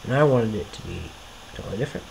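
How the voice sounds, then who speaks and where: A man's voice: fairly low pitch, animated, quick pace, gravelly, a little mellow, a little hiss or hum, rough recording. Rambling man commenting on his videos. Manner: rambling, self-deprecating, apologetic. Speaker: video creator commenting on his own series. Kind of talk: casual commentary over his own videos.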